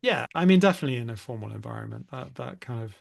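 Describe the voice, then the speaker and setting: A man's voice: mid-range voice, animated, racing, gravelly. A man co-hosting a casual English-learning podcast, conversational and hedging, often ending with tag questions. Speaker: podcast co-host, English teacher.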